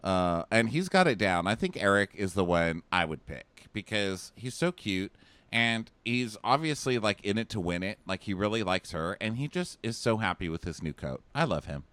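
An easygoing man joins a casual chat, laughing often, his pitch lively. He is recorded close with a dry, dead sound. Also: moderate pace, no echo.

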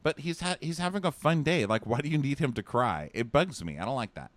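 A man's voice: mid-range voice, a little fast, no room sound. A man co-hosting a casual podcast chat, gossiping with many "like"s. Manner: animated, gossipy, lots of "like". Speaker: podcast co-host.

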